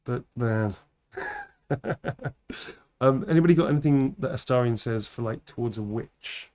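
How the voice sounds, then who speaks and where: A tired man speaks a little slowly in a mellow, mid-range voice while hosting a livestream. The chat is casual and playful, with frequent laughter, teasing of his co-host and thanks to viewers.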